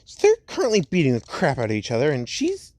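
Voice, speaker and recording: A man's voice: a little high, huge pitch swings, a little mellow, no echo. Young man casually retelling a fan story. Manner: rambling, laid-back, with stretches of slow dramatic retelling. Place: at home.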